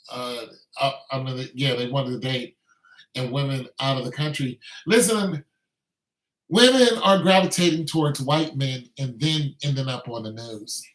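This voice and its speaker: A man's voice: mid-range voice, a bit bright, echoey room, poor audio. A man delivering an opinionated monologue in an emphatic, repetitive rant. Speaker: commentator.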